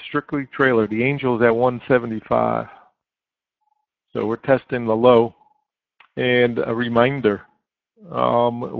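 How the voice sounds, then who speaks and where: A man's voice: medium pitch, creaky, no echo. A man giving live market commentary as a trading chat room moderator, coaching steadily with frequent fillers over a dry, phone-like line.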